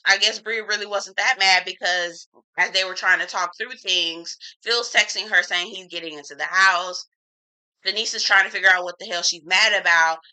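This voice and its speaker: Bright, frank woman recapping a show. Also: mid-range voice, low-quality recording. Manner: animated, opinionated, frank, slangy. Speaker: TV reviewer. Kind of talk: casual TV episode recap.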